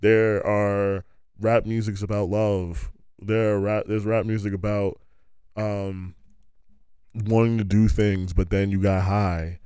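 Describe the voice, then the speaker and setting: A man's voice: lowish voice, level tone, takes it slowly, mellow, clear, resonant tone, no room sound. A man telling stories in a loose, rambling monologue, laughing often and restarting his sentences.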